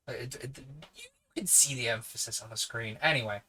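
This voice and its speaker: A man's voice: mid-range voice, moderate pace, sharp tone, slightly rough, low-quality recording. A man with a New Zealand accent reading a novel aloud on a livestream, breaking off into chatty asides to his live chat. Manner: chatty, digresses and answers live chat between passages. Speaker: livestream book reader.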